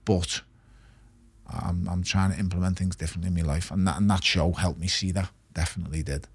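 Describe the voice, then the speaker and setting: A man's voice: low-pitched, steady tone, fairly quick, husky, dry recording. A middle-aged man, a retired boxer talking candidly in an interview, blunt and swearing. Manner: blunt, swears often, repeats words when emphatic. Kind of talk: candid podcast conversation.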